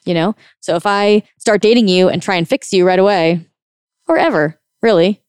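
A woman's voice: medium pitch, moderate pace, darkish tone, smooth, dry recording, studio quality. A woman working as a relationship coach, giving casual, frank advice in a monologue, sometimes swearing, often laughing and acting out quoted reactions. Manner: frank and blunt, with occasional swearing.

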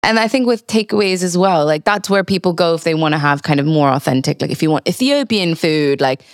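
A woman's voice: low voice, animated, brisk, dry recording, studio quality. A woman, co-founder of a food startup, explaining her business as a podcast guest with frequent "like" fillers. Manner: enthusiastic, uses "like" often. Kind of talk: casual interview chat.

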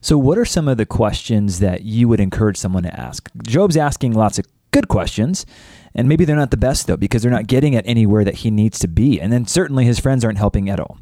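A quick-talking man co-hosting a Bible study podcast, tossing in wry jokes between his questions. His voice is low and dark and the sound is close and dry. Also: expressive, no echo. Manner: quick joking asides, asks questions. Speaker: podcast co-host. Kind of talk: casual Bible study discussion.

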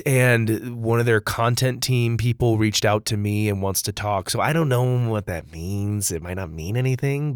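A friendly man hosts a children's story podcast and chats loosely with kids about their letters. His voice sits in an ordinary middle pitch, and the recording is close and dry with no room echo. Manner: upbeat, friendly, calls listeners dude and bud. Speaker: podcast host. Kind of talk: casual chat to young listeners.

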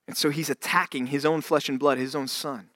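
A man's voice: fairly high pitch, fairly even intonation, a little fast, bright, forceful tone, no echo, clean studio sound. A man as pastor, preaching a sermon in a conversational, joking way, acting out the scripture characters' lines. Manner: conversational, jokey retelling of scripture with voiced asides.

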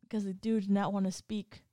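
A woman co-hosting a casual podcast, telling a story in an animated way and acting out the other people's lines. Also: medium pitch, dry recording, clean studio sound. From Hispanic background. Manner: animated, acts out quoted dialogue. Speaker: podcast co-host.

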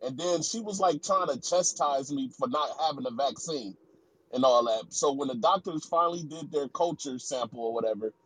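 A man's voice: medium pitch, normal speed, a bit bright, husky, poor audio. A man on a call-in show telling a story in a plain, matter-of-fact way. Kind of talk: casual chat.

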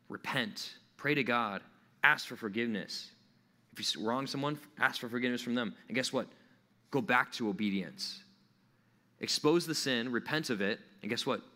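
Man, pastor, conversational sermon, bright tone, long hall reverb. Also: mid-range voice. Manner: conversational, asks the listeners questions.

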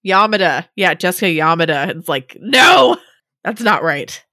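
A young adult woman co-hosting a podcast, reading listener submissions with relaxed, rambling asides and frequent laughs. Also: lowish voice, a little slow, no room sound, clean studio sound. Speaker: podcast co-host.

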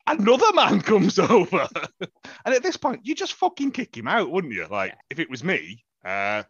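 A man's voice: high voice, very animated, normal speed, a bit bright, slightly rough, no room sound, highs cut off. A man chatting casually as a podcast host reviewing a film, joking and laughing often. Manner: jokey, laughs often, acts out quotes.

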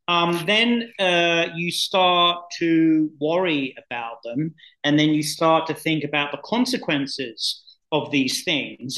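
A man with a slightly raised pitch co-hosts a podcast discussion. He thinks out loud, restates ideas and builds his argument step by step. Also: low-quality recording. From New Jersey, USA. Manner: thinks aloud, restates and rephrases his points. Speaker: co-host.

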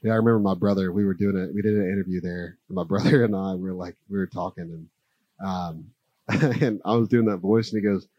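Stuffy-nosed guy rambling at a bar, low husky voice, dry close sound. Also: steady tone, brisk, no echo, lo-fi sound. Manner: rambling, laughs a lot, does impressions. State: stuffy nose. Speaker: guest musician. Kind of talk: casual chat.

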